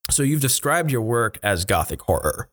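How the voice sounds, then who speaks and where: A man hosting a podcast in a relaxed way, laughing as he tells anecdotes and filling his speech with likes. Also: medium pitch, normal speed. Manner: frequent likes and restarts. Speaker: podcast host. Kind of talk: casual podcast interview.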